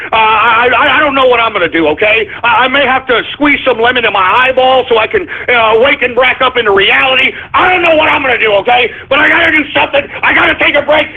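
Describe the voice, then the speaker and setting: A man hosting his own radio show, ranting in an agitated way, repeating himself and breaking into shouts. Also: extremely high pitch, fast, hardly any pauses, breathy edge. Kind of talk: ranting call-in radio monologue. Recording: phone-line quality broadcast.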